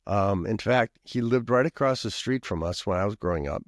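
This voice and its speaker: A pastor and professor from Minnesota, appearing as a podcast guest, tells a long personal story in a rambling, conversational way full of asides and frequent coughs. His lowish voice is brisk, captured in a dry, clean studio recording.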